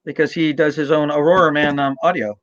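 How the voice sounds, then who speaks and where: A man's voice: on the high side, fairly even intonation, fairly quick, a bit bright, dry recording, lo-fi sound. A man hosting a casual interview, joking and stammering over restarts. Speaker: podcast host.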